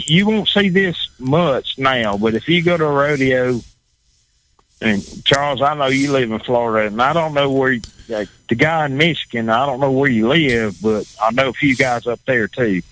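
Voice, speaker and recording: A man's voice: medium pitch, a bit bright, no room sound, poor audio. Blunt, profane Southern man. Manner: blunt, profane, repeats himself. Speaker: guest, former bull rider. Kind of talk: casual talk show chat.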